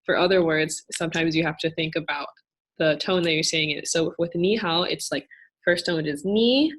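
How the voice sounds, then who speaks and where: A young woman answering questions in a casual Q&A, explaining patiently and thoughtfully, often pausing with fillers. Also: sits low, level tone, fairly bright tone. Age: young adult. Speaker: student cultural navigator.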